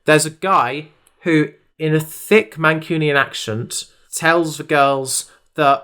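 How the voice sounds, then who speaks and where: Animated male podcast co-host. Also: on the high side, slow, clear, resonant tone. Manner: animated retelling, acting out scenes. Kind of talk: casual chat.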